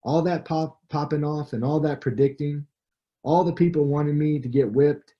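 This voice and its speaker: A man's voice: fairly high pitch, steady tone, moderate pace, muffled recording, voice pushed up, natural voice. A man reading the lines of a cocky young heavyweight boxer, who is brash but frightened, in a raised, emphatic voice.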